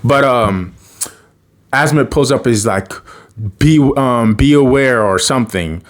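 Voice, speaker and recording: A man's voice: mid-range voice, measured pace. A man giving a casual episode review, joking, laughing often and acting out quotes, with many fillers and self-corrections.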